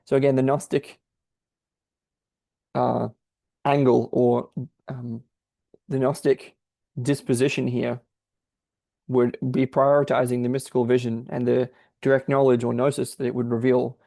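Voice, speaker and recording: A man's voice: mid-range voice, flat delivery, measured pace, creaky, pauses often, mellow, no echo. A man thinking aloud as he explains a difficult text, in a searching, explanatory manner. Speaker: podcast host explaining a text. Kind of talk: exegetical commentary.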